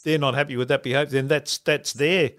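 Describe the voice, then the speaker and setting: An Australian man hosting a casual chat, halting and laughing easily. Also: mid-range voice, fairly even intonation, a bit bright. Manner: halting, many fillers, easy laugh. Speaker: host.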